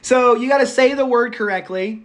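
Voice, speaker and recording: Man, high-pitched, college lecturer, casual audio lecture, rambling asides. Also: moderate pace. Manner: chatty and digressive, with many restarts and asides. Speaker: college instructor. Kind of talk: informal recorded lecture.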